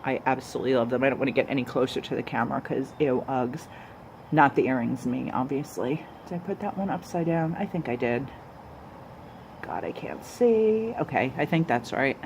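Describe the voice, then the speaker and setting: A woman's voice: extremely low pitch, fairly quick, slight background noise, poor audio. A woman vlogger, chatty and gushing, unboxing and reviewing jewelry to a camera. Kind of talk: casual unboxing chat.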